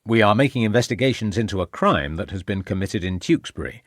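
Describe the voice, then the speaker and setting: A man's voice: lowish voice, expressive, fast talker, no room sound, studio quality. A man voicing a formal, insistent police inspector in a crime audiobook. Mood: probing. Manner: formal, precise, insistent questioning. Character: sharp, probing male police inspector.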